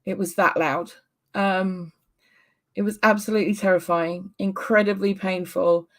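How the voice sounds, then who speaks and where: Woman doing a chill livestream chat, slow and rambly, lots of ums, answering comments. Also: medium pitch, fairly even intonation. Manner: chatty, reads out and answers viewer comments; unhurried with frequent ums and small laughs. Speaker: livestream host chatting with viewers. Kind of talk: casual live-stream chat.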